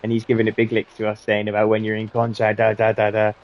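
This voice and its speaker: A man's voice: fairly low pitch, completely flat delivery, fast talker, dull audio. A young man swearing freely and laughing as he tells rambling stories while gaming. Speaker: gaming channel host. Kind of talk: casual storytelling while gaming.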